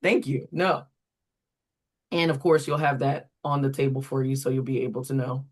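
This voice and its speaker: A reading program instructor giving a walkthrough to tutors, deliberately sounding words out syllable by syllable. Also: mid-range voice, little pitch movement.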